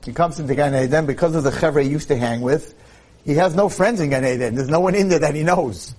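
A man speaking at a religious event, telling a joke story in an animated way. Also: a little high, fast talker, husky. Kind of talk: storytelling in a talk.

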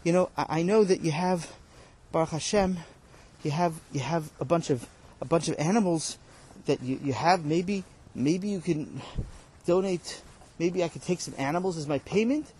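A man's voice: a little high, moderate pace, a little mellow, breathy edge. A man voicing a poor, timid farmhand who hesitantly pleads for his wages. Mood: timid pleading. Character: poor timid male farmhand asking for pay.

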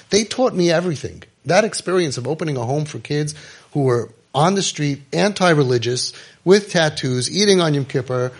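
A middle-aged man telling a story and giving advice, emphatic, repeating phrases and dropping to quiet intensity. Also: fairly high pitch, creaky, husky. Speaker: rabbi giving parenting advice. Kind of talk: impassioned storytelling talk.

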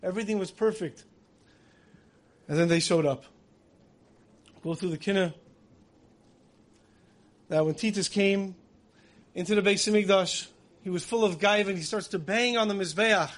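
A man with a high voice preaches in a vivid storytelling way. He recounts dramatic events with feeling and slips into the voices he quotes. His delivery swings from loud emphasis to hushed moments. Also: moderate pace, pauses often.

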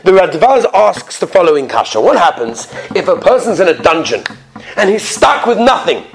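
A man with a high voice preaching a sermon. He tells stories in an animated way, chuckling often as he goes. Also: moderate pace. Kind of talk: sermon with storytelling.

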